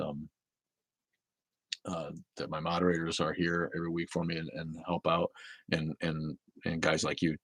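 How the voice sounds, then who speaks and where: A man's voice: sits low, gravelly, no room sound, clean studio sound. A man with a New England accent hosting a livestream, chatting casually and answering viewer comments. He rambles and often stammers through restarts. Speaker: livestream host.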